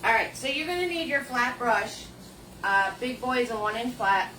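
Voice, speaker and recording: A woman's voice: a little high, expressive, moderate pace, pushed and bright, a little hiss or hum. Chatty woman teaching painting. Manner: chatty, greets viewers by name, sing-song hellos. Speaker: painting instructor. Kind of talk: live-streamed painting lesson.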